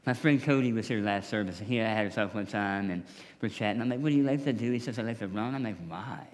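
A man's voice: fairly low pitch, quick pace, big-room sound. A man preaching a sermon to his congregation in a joking, conversational way, speaking to them directly. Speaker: pastor.

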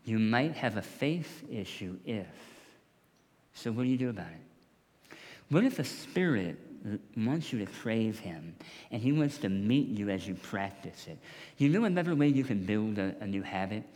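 Male pastor, lively and varied delivery, humorous conversational sermon, long hall reverb. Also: on the low side, moderate pace. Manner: humorous, conversational, addresses the congregation directly.

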